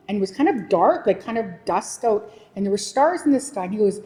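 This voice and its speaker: A woman in her forties shares a personal story in a teaching session, heartfelt and halting, often stopping to restart. Her voice is soft and mellow, and it rings out in a hall with a long reverb. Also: a little high, lively intonation.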